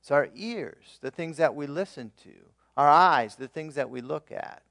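A man delivers a sermon as pastor, his voice sitting a little higher than most men's. He preaches earnestly, punching some words louder and letting others drop. Now and then he pauses on a filler, and he leads his listeners to repeat lines after him. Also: expressive, vocal fry. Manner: earnest preaching, leading the congregation in repeated declarations; emphatic swings in volume, pausing with occasional fillers.

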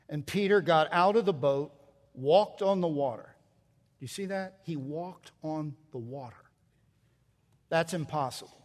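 A man's voice: a little high, expressive, measured pace, big-room sound. A man preaching a sermon, reading scripture and explaining its grammar, building to emphatic peaks. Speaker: pastor.

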